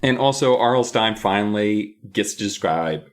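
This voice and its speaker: A man's voice: fairly low pitch, expressive, moderate pace. A man co-hosting a podcast, recapping a book episode in a playful, rambling way. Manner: playful, rambling, often laughing. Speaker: podcast co-host.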